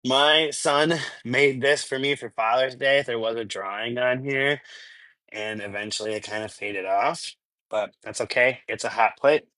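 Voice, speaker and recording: Man from the Midwest, bright forceful voice, dry close sound, rambling live cooking chat in a home kitchen. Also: mid-range voice, measured pace, dry recording, poor audio. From Minnesota, US Midwest. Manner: chatty and rambling, laughs often, answers live chat. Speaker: cooking channel host. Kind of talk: casual live cooking stream.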